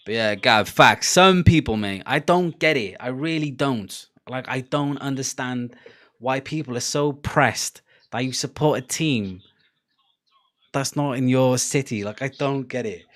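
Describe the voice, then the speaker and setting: A man's voice: mid-range voice, unhurried, fairly bright tone. A man from Cardiff with a Welsh accent, hosting a live football watchalong and chatting casually to his viewers. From Wales, Cardiff. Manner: chatty, sweary, laughing between rants. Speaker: livestream host.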